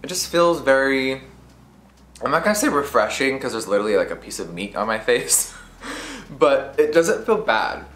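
A man's voice: medium pitch, big pitch swings, normal speed, fairly bright tone. Sassy, giggly man in a roomy room. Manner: sassy, giggly, swears casually. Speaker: beauty vlogger. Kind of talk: casual chat to camera. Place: hotel room.

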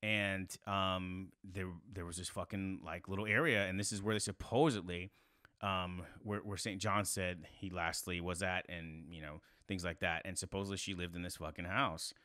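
A man in his thirties from South Carolina, a podcast guest telling a story in a casual, animated way, swearing freely. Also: moderate pace, no room sound, studio quality. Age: 30s. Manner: animated, swears a lot, rising to high exclaims.

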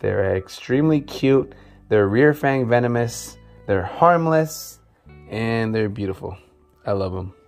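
A man casually chatting on a vlog as he shows his snakes, talking softly and coaxing them. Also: mid-range voice, animated, measured pace, soft background music. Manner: laid-back, talks softly to his snakes. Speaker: snake keeper showing his collection. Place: indoor snake room.

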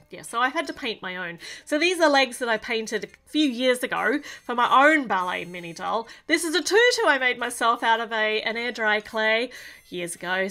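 A woman's voice: high-pitched, sharp tone. A woman chatting playfully and mocking herself as she builds LEGO toys for her vlog. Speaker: LEGO hobby vlogger. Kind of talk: casual crafting vlog.

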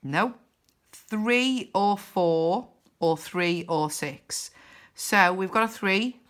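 A woman's voice: mid-range voice, extremely slow, a bit bright. A woman giving casual commentary as she scratches cards, counting numbers aloud with little cheers and groans. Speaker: scratch card vlogger.

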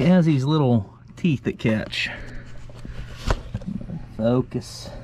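A man hosting a casual car repair tutorial, explaining steps and muttering at stubborn parts as he works in a garage. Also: on the high side. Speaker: garage DIY host. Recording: clanking workshop noise behind.

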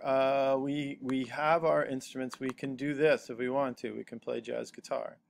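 A man teaching a casual screencast software tutorial, rambling a little and checking in with "okay?". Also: medium pitch, little pitch movement, moderate pace, creaky.

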